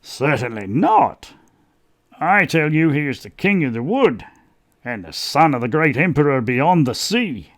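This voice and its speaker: A man's voice: a little high, sing-song, a little slow, fairly bright tone, heavily acted. A man voicing a jovial, hearty male talking beaver that speaks emphatically and laughs often. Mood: emphatic.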